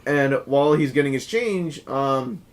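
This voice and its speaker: A young man co-hosting a casual podcast, telling stories in a profane, animated way with frequent laughs. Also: mid-range voice, a little slow. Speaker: podcast co-host. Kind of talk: casual chat. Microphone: shared podcast mic.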